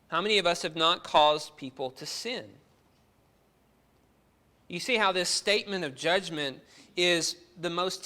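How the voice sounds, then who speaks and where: A man's voice: high voice, bright, forceful tone. A man preaching a sermon to his congregation, earnest and full of rhetorical questions.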